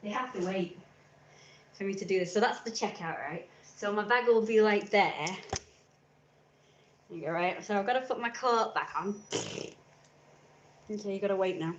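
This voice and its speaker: The sound is lo-fi with a little hiss or hum as a young woman vlogger talks at a moderate pace in a medium-pitched voice, leaving long pauses. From home, on a camera mic, she chats casually on a live stream, rambling and acting out small scenes with sudden squeals.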